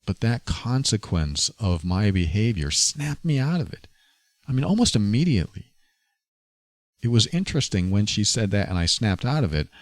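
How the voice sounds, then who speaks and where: A man's voice: sits low, no room sound. A man hosting a podcast, talking earnestly and confessionally about his own experience. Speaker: podcast host. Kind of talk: personal reflective monologue.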